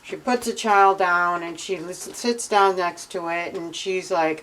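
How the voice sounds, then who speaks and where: A woman's voice: lowish voice, fairly even intonation, measured pace, hardly any pauses, a bit bright, slight background noise, low-quality recording. A young woman vlogging about her Bible reading, retelling the stories in a casual, indignant and sarcastic way. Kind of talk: casual commentary.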